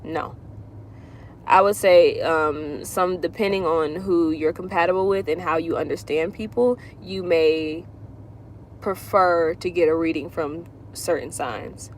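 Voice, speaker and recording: A woman's voice: fairly low pitch, measured pace, slight background noise. A woman astrologer chatting casually on a livestream, answering viewer questions in a loose, rambling way that drifts in circles. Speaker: astrologer doing readings.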